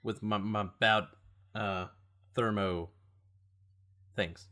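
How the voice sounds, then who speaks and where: A man playing in a tabletop game, cracking deadpan jokes. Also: fairly low pitch, drawn-out words. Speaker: player.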